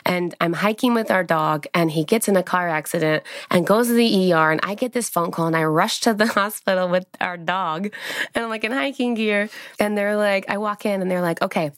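A woman guest on a casual chat podcast, telling stories in a lively way, acting out quoted lines and often saying "like". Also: lowish voice, a little fast, no room sound, clean studio sound. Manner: animated storyteller acting out quotes with filler "like".

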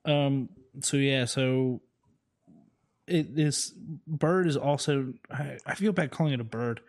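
A man chatting casually on a podcast, joking as he goes and drifting off into "um" and "like." He talks in a relaxed, meandering way, with a voice that sits at an ordinary middle pitch. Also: slow. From Southern United States. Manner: rambling, joking, trails off with fillers. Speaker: podcast co-host. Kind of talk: casual chat.

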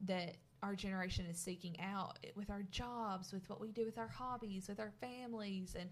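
A woman talks about faith and purpose, addressing listeners directly. Her tone is earnest and encouraging, in a relaxed conversational style. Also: mid-range voice, moderate pace. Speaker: podcast co-host. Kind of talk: casual faith talk.

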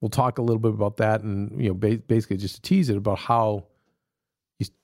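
A man's voice: lowish voice, fairly even intonation, fast, darkish tone, no room sound, studio quality. Rambling male podcast co-host. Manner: rambling, many restarts and fillers. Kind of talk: casual chat.

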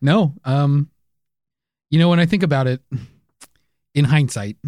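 A man co-hosting a comedy podcast, delivering absurd jokes in a deadpan way with chuckles. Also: on the high side, unhurried, no echo. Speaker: podcast co-host. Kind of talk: improvised comedy banter.

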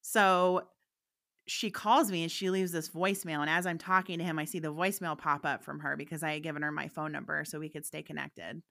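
A woman's voice: low-pitched, steady tone, fairly quick, creaky, a bit bright. A woman, a psychic medium guest, telling a story in a candid, chatty way and laughing often. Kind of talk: casual anecdotal storytelling.

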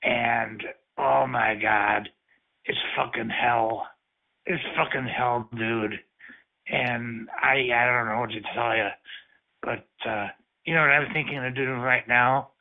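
A man on a chatline call, talking slowly and emotionally, rambling and moaning. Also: medium pitch, steady tone, vocal fry. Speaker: chatline caller. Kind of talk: explicit phone chat. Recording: tinny phone line.

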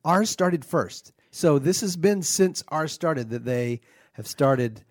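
A man's voice: fairly high pitch, animated, takes it slowly, dry recording, clean studio sound. A man playing a petty, indignant devil who hosts a podcast from hell, talking in an aggrieved, flustered way full of false starts. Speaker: podcast host.

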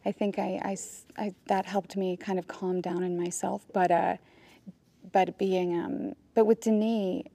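A woman with a gravelly, fry-tinged voice answers interview questions. She tells stories with animated energy, moving between earnest reflection and playful retelling. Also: mid-range voice. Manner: animated storytelling, laughs, imitates others. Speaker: actress in an interview.

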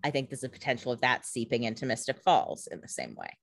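A woman's voice: very deep voice, very animated, vocal fry. A woman co-hosting a podcast in casual chat, speculating and joking about a TV episode. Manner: chatty, speculative, quick to laugh. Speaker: podcast co-host.

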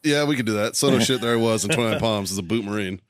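A man's voice: on the low side, racing, no room sound. Man, podcast co-host, laid-back profane storyteller, dry close mic. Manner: laid-back, swears a lot, laughs at own story. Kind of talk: casual storytelling with cursing.

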